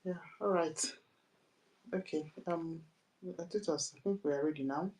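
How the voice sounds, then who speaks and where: A woman speaking hesitantly with many pauses and fillers. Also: low-pitched, a little mellow, rough recording.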